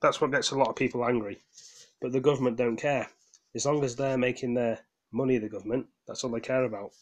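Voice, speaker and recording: A man's voice: medium pitch, fairly even intonation, fast talker, lo-fi sound. A tired man, ranting heatedly in a casual vlog, swearing, rambling with restarts and apologizing as he goes. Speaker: gaming vlogger.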